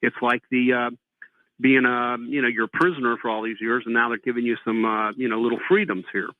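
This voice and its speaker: A man's voice: medium pitch, flat delivery, fairly quick, no echo. A man telling a long personal story to a host, acting out the dialogue he recalls. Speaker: guest telling an abduction story. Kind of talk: phone-in conversation. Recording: tinny phone line.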